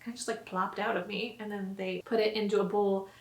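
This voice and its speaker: A woman's voice: mid-range voice, steady tone, brisk. A young woman vlogger casually retelling a personal story to camera, chatty and full of "like" fillers. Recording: roomy echo.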